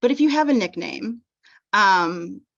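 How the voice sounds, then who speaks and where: A woman chaplain teaching a talk on self-compassion in a gentle, unhurried way, often restarting her phrases. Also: mid-range voice, expressive, gravelly, dry recording. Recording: dull lo-fi dry sound.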